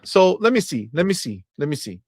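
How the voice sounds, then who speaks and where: A man hosting a casual gaming podcast, animated and joking, repeating phrases and breaking into shouts. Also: fairly high pitch, a little fast, no room sound. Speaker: podcast host.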